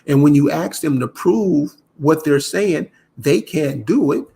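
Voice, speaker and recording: A man's voice: fairly high pitch, a little slow, gravelly, mellow. Exasperated man ranting to camera. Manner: exasperated, preachy, repeats and restarts words. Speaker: commentator. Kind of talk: casual rant to camera.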